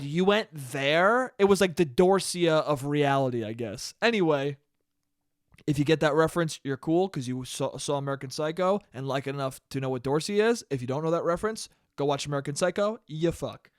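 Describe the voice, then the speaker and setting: A man's voice: fairly high pitch, lively intonation, fairly quick, dry recording, studio quality. A man hosting a podcast, telling a rambling, profane comedic story on his own. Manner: profane, rambling, acts out dialogue. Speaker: podcast host. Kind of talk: casual comedic storytelling monologue.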